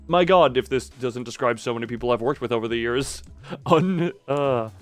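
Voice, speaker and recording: A man's voice: mid-range voice, normal speed, faint music behind. A man streaming a game live, joking and rambling as he reacts to his chat, on a close desk microphone.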